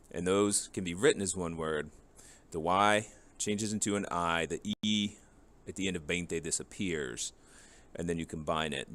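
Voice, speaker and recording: In a classroom video lesson, a man with a low, slightly bright voice teaches beginner Spanish. He explains patiently and drills the words one at a time.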